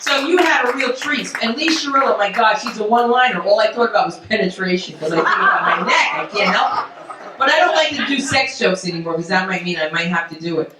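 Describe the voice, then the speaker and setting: A woman performing a loud, brash stand-up comedy set on a club stage, bantering with the crowd. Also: fairly high pitch. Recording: echoey club from far off, noisy.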